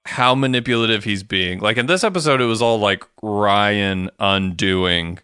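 A man with a lowish, bright and crisp voice talks through a show recap as a podcast co-host. His delivery is loose and conversational, full of "like" and offhand swearing. The sound is dry and close. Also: moderate pace, no room sound. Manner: laid-back, swears casually, frequent fillers. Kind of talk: casual recap chat.

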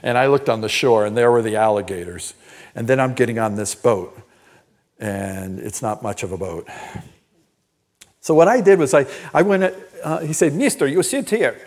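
An older man preaching a sermon as pastor, telling personal stories in an animated, emphatic way. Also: medium pitch, moderate pace. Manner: storytelling, animated and emphatic, laughs at own stories. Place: church.

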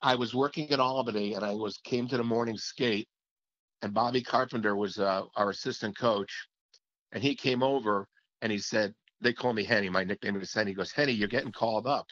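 A man's voice: fairly low pitch, fairly even intonation, fairly quick, a bit bright, dry recording. A man who is a former hockey play-by-play announcer, telling stories in an interview in a reflective way, often restarting his sentences. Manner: reflective storytelling with frequent restarts. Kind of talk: reminiscing interview talk. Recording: slightly muffled lo-fi audio.

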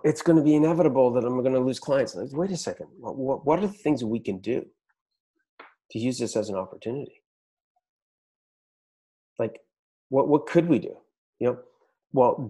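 A podcast host with a warm, mid-range male voice delivers a blunt pep talk to business owners, swearing freely and bringing plenty of motivational energy.

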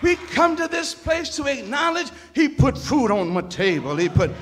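A man preaching a fiery sermon in a church, swinging between quiet asides and shouted, whooping call-and-response. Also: very high voice, very animated, normal speed, slight background noise. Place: church sanctuary. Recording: long church reverb, organ and congregation behind.

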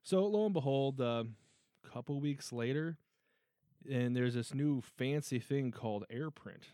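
A man's voice: mid-range voice, measured pace, warm tone, dry recording, clean studio sound. A man co-hosting a podcast, telling a story in casual chat, swearing and laughing as he goes. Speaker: podcast co-host.

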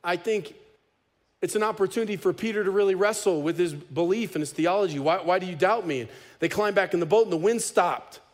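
A man preaching a sermon as pastor, conversational and animated, with casual humor. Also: sits high, fairly quick.

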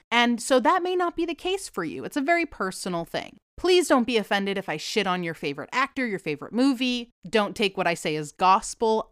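Fast-rambling woman with a Boston accent. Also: fairly low pitch, fairly bright tone, smooth, dry recording, studio quality. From New England. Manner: rambling, fast-talking, profane and self-deprecating. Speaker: podcast host. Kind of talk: casual solo podcast chat.

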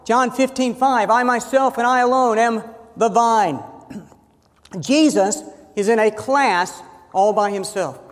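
Man preaching, high voice, emphatic and deliberate, echoing hall reverb. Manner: emphatic, slows and rises on key phrases. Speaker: pastor. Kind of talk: sermon.

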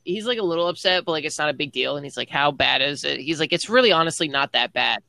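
A man's voice: on the high side, animated, quick pace, gravelly, bright, forceful tone, dry recording. A young man telling a rambling story to friends on a podcast, packing it with "like.". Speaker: podcast guest. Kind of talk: casual chat among friends.

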